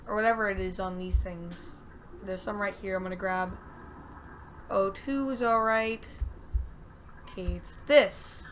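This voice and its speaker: A woman giving casual gameplay commentary, excitable and talking to herself, with loud frustrated outbursts. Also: mid-range voice, measured pace, long pauses, a little hiss or hum. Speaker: let's play gamer.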